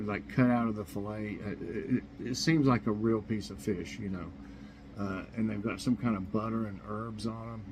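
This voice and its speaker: A man's voice: lowish voice, darkish tone, poor audio. Man, chatty morning host, rambles and chuckles, kitchen with a faint hum behind. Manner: rambling, chuckles at his own jokes. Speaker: host of a morning chat show. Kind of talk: casual chat. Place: home kitchen.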